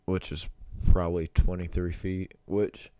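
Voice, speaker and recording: Deep-voiced young man casually reacting. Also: flat delivery, measured pace, warm tone, smooth, no echo. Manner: rambling, informal, self-correcting. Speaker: reaction video host.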